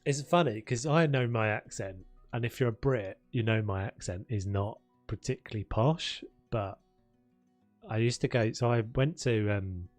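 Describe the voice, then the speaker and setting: A man's voice: lowish voice, moderate pace, dry recording. A young man with a South London accent chatting casually on a live game stream, laughing often and trailing off mid-thought. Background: faint background music.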